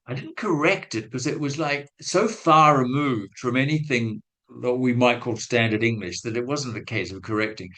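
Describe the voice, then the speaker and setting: A man's voice: medium pitch, fairly bright tone, poor audio. Guy telling a classroom story on a webinar, chatty and self-mocking, acts out what people said. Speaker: guest speaker on language teaching. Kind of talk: anecdotal webinar talk.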